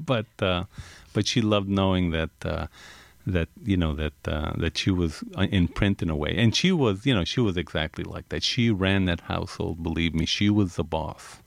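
A man with a very low voice reads his own prose and then talks about it. In conversation he sounds reflective and hesitant, often restarting his sentences. The sound is close and dry. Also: normal speed, creaky, no echo. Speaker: author, guest. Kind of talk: reading aloud and interview talk.

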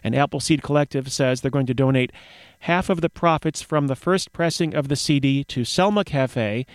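A man's voice: medium pitch, no echo. A man hosting a radio show, reading news items aloud with wry offhand asides into a studio microphone. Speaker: radio DJ host.

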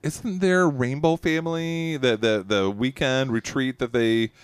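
Rambling radio co-host, smooth voice. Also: male voice, medium pitch, measured pace, dry recording, studio quality. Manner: rambling storyteller, many fillers. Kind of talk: casual chat. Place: radio studio.

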